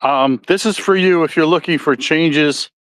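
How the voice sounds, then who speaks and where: Midwestern male podcast host, somewhat high voice, rambling and folksy, dry close recording. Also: moderate pace, fairly bright tone, no echo. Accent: Midwestern American. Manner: rambling, self-correcting, folksy. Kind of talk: casual solo podcast talk.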